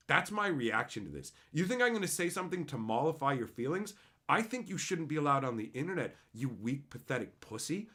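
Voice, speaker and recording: A man's voice: sing-song, a little fast, fairly bright tone. A man hosting a livestream, ranting in a profane, mocking way and reading out chat. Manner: abrasive, mocking, swings into high sarcastic impressions. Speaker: livestream host.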